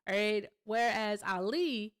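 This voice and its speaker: A woman hosts a casual political commentary livestream in a smooth, clear voice at a middle pitch. She talks bluntly and swears freely, breaking off now and then to chat with her viewers. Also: slow pace, fairly bright tone. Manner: blunt, profane, chats with viewers between points. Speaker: livestream host.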